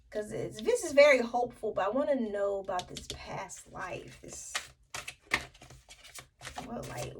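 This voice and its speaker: A woman's voice: mid-range voice, recorded from a distance, a little hiss or hum, low-quality recording. A woman giving a tarot reading to her viewers, thinking aloud with many fillers and restarts. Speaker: tarot reader.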